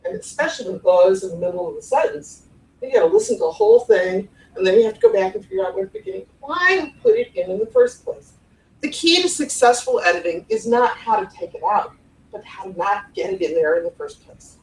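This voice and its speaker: Animated woman presenter in echoey room. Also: medium pitch, fast talker. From Cleveland area, USA. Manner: animated, playful, demonstrates tones of voice. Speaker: conference presenter. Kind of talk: live workshop talk on podcast voice technique. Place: conference room with audience. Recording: roomy live room recording from a distance.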